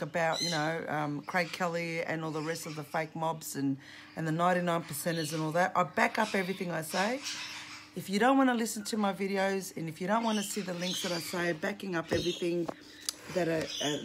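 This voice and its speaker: Woman filming herself on a phone, plain outspoken chat, squawking birds and noise behind. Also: lowish voice. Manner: chatty, blunt, scolding, coos at her birds. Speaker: vlogger. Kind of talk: casual talk to camera. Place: home with a bird deck, indoors. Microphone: handheld phone camera. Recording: noisy home with squawking birds.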